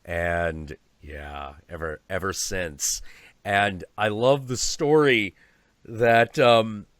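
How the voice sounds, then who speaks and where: A man hosting a casual interview over a video call, an animated storyteller who swears freely. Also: lowish voice, drawn-out words, no room sound. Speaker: host.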